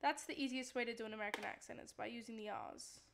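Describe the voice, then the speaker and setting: Australian woman, live gamer, pitched slightly high, frustrated and begging, chatty with her viewers. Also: quick pace, fairly bright tone, a little hiss or hum. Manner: exasperated, pleading, talks to chat. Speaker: streamer. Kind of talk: casual live-stream gaming chatter.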